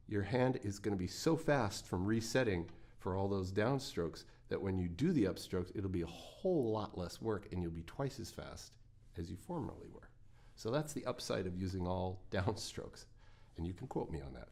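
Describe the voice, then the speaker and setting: A man with a lowish, warm voice gives a guitar lesson, walking through picking exercises. He keeps it plain and encouraging, tossing in the occasional folksy quip.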